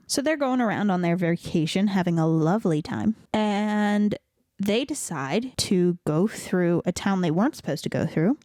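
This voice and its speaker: A young woman tells a story casually and playfully, with lots of "like" and quick little character voices. Her pitch sits in the middle and the sound is dry and close. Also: a little mellow, no echo. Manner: breezy, playful, lots of "like", mimics characters in passing. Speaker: podcast host. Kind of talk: casual comic book retelling.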